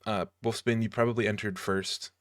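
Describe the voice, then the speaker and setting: A man's voice: on the low side, fairly even intonation, a little fast, no echo, studio quality. A man narrating a tabletop game as game master, casual and hesitant with many fillers.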